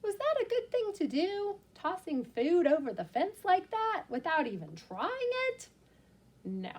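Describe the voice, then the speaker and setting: Woman teacher, story-time reader for young children; slow, animated, bright and high-pitched. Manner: expressive and animated, explaining words slowly and simply. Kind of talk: reading a picture book aloud to young children.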